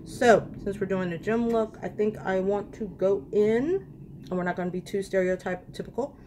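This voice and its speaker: A woman's voice: medium pitch, moderate pace, darkish tone, slight background noise. A woman chatting to her viewers while doing a makeup tutorial, ranting casually about lashes and palettes. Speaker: beauty vlogger.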